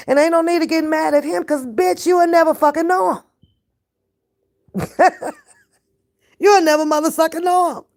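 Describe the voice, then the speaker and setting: A woman's voice: extremely high pitch, a little mellow. A woman ranting straight at her viewers in a casual vlog, profane and often laughing. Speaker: reaction vlogger. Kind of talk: casual to-camera rant.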